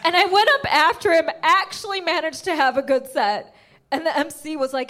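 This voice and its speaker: A woman with a high, animated voice performs a stand-up comedy set at normal speed, with audience laughter in the background. She tells her stories with lots of energy, leaping to a shrieking high pitch on the punchlines.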